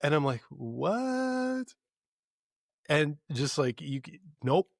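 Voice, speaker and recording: A man's voice: fairly high pitch, normal speed, no room sound. Man telling a story, dry close sound. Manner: storytelling, animated retelling with frequent fillers and restarts. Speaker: podcast co-host. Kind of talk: casual chat.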